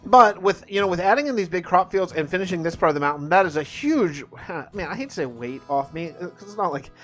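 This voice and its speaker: A man's voice, a little higher than most, rambles cheerfully over his gameplay, stumbling and repeating his words as he goes. He talks in an easy, casual way into a desk microphone. Soft music plays quietly underneath. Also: animated, a little fast. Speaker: gaming channel host.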